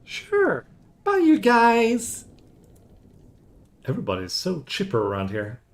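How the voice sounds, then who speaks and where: A man doing a squeaky, whimsical young woman. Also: huge pitch swings, takes it slowly, full character voice. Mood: nervous. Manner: high squeaky girlish voice. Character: chipper young woman, new security hire. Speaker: character voiced by a streamer.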